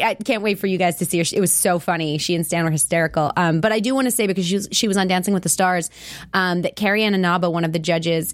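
A woman with a squeaky voice hosting a show, chatting casually and rambling with lots of fillers and laughs. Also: dry recording. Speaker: show host. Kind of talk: casual chat about a TV show.

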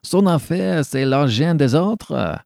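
A man's voice: a little high, animated, slow, creaky, darkish tone, no room sound, clean studio sound, voice pushed up, heavily acted. A man doing a teasing, worldly young painter. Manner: teasing, breezy, given to laughter.

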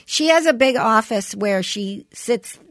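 A woman's voice: a little high, animated, unhurried, fairly bright tone, dry recording, clean studio sound. Chatty woman telling a rambling story. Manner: rambling storyteller, many "you know" fillers, acts out quotes. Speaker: podcast co-host. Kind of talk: casual chat.

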